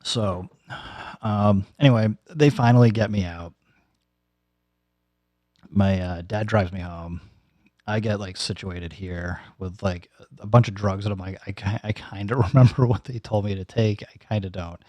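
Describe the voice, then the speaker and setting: Vlogger, man, low and mellow, chatty rambling update, dry close recording. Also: measured pace, dry recording. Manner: rambling, many fillers and restarts. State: recovering from nose and throat surgery. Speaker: YouTuber giving a personal update. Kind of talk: casual storytelling vlog.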